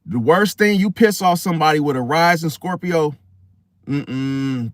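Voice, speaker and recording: A man's voice: high voice, unhurried, no room sound, clean studio sound. A man telling a story to his viewers in a casual vlog, slangy and profane, talking straight to them. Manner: animated, slangy and profane, addresses viewers directly. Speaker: astrology vlogger.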